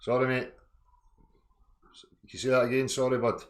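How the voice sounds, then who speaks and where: A man's voice: mid-range voice, level tone, moderate pace. A man hosting a casual live stream, talking in a rambling, earnest way.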